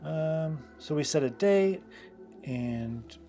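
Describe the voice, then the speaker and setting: A man's voice: mid-range voice, moderate pace, darkish tone, soft background music. A man hosting a live drawing stream, telling casual stories in a loose, rambling way full of fillers and asides. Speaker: host and illustrator.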